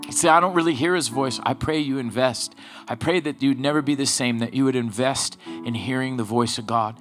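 Pastor, man, middle-aged, earnest and pleading, prays over soft guitar. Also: mid-range voice. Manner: earnest, pleading, repeats phrases. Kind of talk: sermon with altar prayer.

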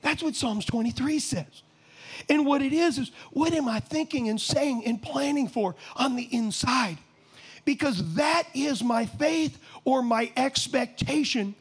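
Middle-aged male preacher, very high voice, fervent sermon delivery with shouted peaks. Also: measured pace, husky. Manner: impassioned, rising to shouts, rhetorical questions to the congregation.

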